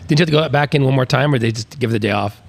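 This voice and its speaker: A man's voice: medium pitch, very fast. A middle-aged man co-hosting a podcast, telling crude, rambling anecdotes in a casual way. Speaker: podcast co-host. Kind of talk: casual storytelling chat.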